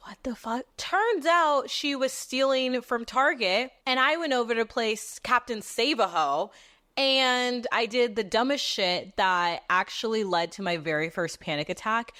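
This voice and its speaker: A woman in her twenties hosting a podcast, telling personal stories in a candid, profane, animated way. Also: on the high side. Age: 20s. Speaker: podcast host. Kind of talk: casual storytelling monologue.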